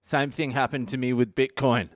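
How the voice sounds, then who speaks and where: A middle-aged Australian comedian hosts his own podcast, delivering a comic storytelling monologue that is profane, ranting and self-mocking. His voice sits at medium pitch with little movement and a normal pace. The sound is clean studio audio with no room sound.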